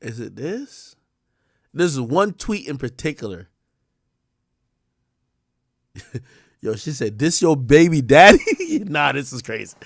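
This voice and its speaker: A young man hosting a livestream, ranting bluntly and swearing, dropping to mumbles and then rising to shouts. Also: mid-range voice, sing-song, slow pace, creaky, pauses often, no echo, studio quality. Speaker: livestream host. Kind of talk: casual livestream rant.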